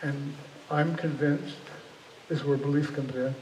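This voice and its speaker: A man gives a reflective public talk in a large hall. His voice is fairly high yet mellow, and he speaks earnestly, searching for his words and often restarting. The mic sits far from him, so the hall rings with long reverb over a faint hum of ambience. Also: steady tone, unhurried. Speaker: guest speaker.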